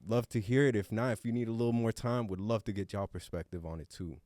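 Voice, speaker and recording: Earnest low-voiced man on a podcast. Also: steady tone, fast, mellow, no echo. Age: adult with young son. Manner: earnest, reflective, swears casually. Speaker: podcast co-host. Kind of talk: casual roundtable discussion.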